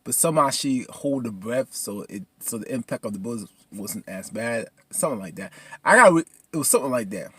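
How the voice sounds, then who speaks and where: Man, casual episode recap, lively swooping pitch, excitable, colloquial. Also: a little fast, husky, no echo. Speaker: TV episode reviewer.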